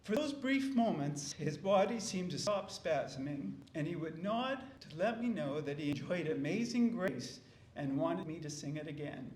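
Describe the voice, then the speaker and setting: Gentle reflective man, echoey room. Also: on the high side, animated, normal speed. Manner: gentle, reflective, with small slips. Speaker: family member giving a eulogy. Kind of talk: memorial speech and poem reading.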